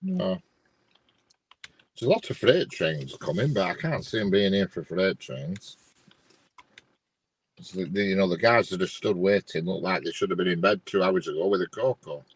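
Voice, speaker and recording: A man's voice: low voice, lively intonation, moderate pace, pauses often, slightly rough, no room sound, rough recording. A man, chatting casually on a live stream with many restarts, sounding bemused as he checks train diagrams. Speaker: co-host watching live train feeds.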